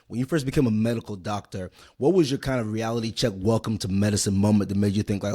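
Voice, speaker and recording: A man hosting a podcast who talks in an energetic, casual, slangy way. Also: fairly low pitch, husky. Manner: energetic, slangy, fast-talking. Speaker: podcast host.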